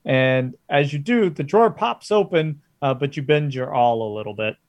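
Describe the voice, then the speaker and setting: A man narrating as game master of a tabletop game, relaxed and halting. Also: a little high, no echo.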